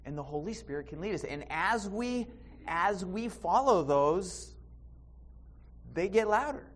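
Male pastor, slightly high, very lively delivery, church sermon with restarts. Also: unhurried. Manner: animated, with repeated restarts and sudden loud emphasis.

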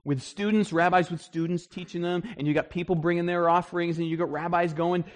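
A man preaching a sermon in a conversational, animated storytelling way, with frequent restarts. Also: sits high, fairly quick. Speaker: pastor.

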